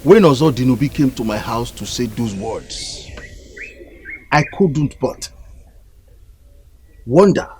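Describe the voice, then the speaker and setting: An actor with a Nigerian accent playing a grave village elder. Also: male voice, mid-range voice, animated, slow, long pauses, a little mellow. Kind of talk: film drama acting.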